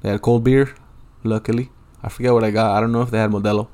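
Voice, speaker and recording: A man's voice: fairly low pitch, little pitch movement, fast talker, a little mellow. Young dude rambling on his podcast, swearing constantly, super laid back. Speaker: podcast host. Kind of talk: casual solo rambling podcast. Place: Los Angeles, at home.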